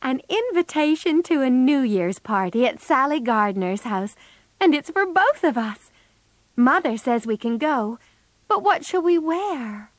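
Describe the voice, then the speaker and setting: A woman's voice: mid-range voice, takes it slowly, no echo. A woman voicing an eager, fussy teenage girl in a storybook reading. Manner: excited, pleading.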